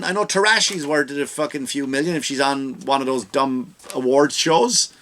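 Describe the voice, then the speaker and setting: Bright-voiced man ranting on a comedy podcast. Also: mid-range voice, normal speed, few pauses. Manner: animated ranting, rising to loud mocking outbursts. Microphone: studio microphone.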